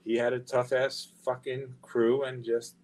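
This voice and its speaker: A man's voice: medium pitch, a little slow, poor audio. Profane New man telling stories. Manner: profane, animated anecdote-telling with quoted dialogue. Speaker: guest, record label founder. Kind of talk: casual storytelling interview.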